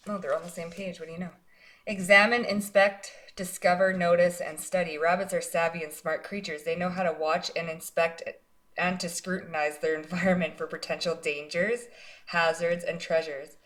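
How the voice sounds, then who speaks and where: A woman with a slightly low voice reads tarot cards for her viewers. She talks in a loose, chatty way and keeps checking in with "right?" as she encourages them. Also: fairly even intonation, moderate pace, fairly bright tone. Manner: casual, chatty, often tags lines with "right?" and "like"; encouraging, speaks directly to the viewer as "you". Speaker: psychic tarot card reader. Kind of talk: pick-a-card tarot reading to viewers.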